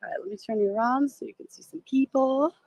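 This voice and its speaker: Walking along a busy sidewalk, a middle-aged Boston woman talks to her phone livestream audience and the people passing by, holding the phone in her hand. She speaks quickly in a high, somewhat dark voice, and the recording is rough.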